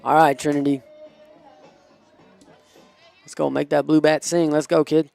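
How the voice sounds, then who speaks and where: A man doing casual, excitable play-by-play for a high school softball game, chatty and cheering the batters on. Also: measured pace, creaky, faint music behind. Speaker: play-by-play commentator. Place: small school TV studio booth.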